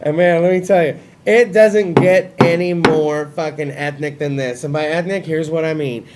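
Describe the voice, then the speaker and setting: High-voiced young man telling crude stories. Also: normal speed, heavy background noise. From California. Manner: crude, swearing, animated storyteller. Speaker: host. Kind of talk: casual storytelling on a talk show.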